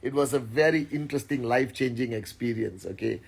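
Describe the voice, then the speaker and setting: A man's voice: medium pitch, a little fast, creaky, slightly rough. A man in his thirties hosting a casual livestream, energetically calling out viewers' names and greeting them in many languages.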